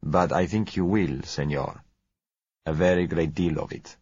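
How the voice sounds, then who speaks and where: A man's voice: low voice, steady tone, slightly rough, no room sound, lo-fi sound. A man playing a suave, polite South American oil dealer. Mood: smooth. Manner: polite, gentle, slow and measured.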